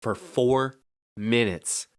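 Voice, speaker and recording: A man's voice: mid-range voice, extremely slow, clear, resonant tone, no room sound, clean studio sound. A young man co-hosting a casual podcast chat, talking animatedly, getting worked up and laughing a lot. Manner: animated, gets heated and laughs often. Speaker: podcast co-host.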